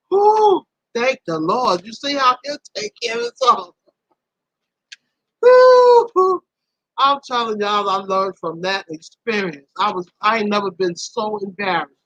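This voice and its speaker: A woman hosting a live stream, telling a personal story in a casual, animated way, laughing and her voice leaping high at the embarrassing parts. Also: no echo, low-quality recording.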